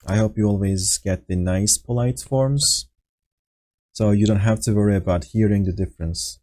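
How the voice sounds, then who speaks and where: Over a Discord voice call, a Turkish teacher walks through a language lesson, explaining patiently, using fillers, and acting out example phrases. His voice is lowish and darkish in tone, at a moderate pace.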